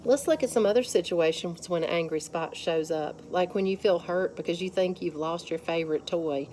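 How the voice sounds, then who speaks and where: A woman leading a children's lesson at church, gently guiding them through counting and calm breathing. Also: on the low side, moderate pace, a little hiss or hum.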